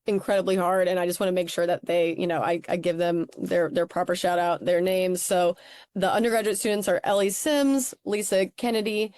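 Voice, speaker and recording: A woman academic guest on a podcast interview, talking in a quick, animated, casual way. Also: fairly low pitch, no room sound, clean studio sound.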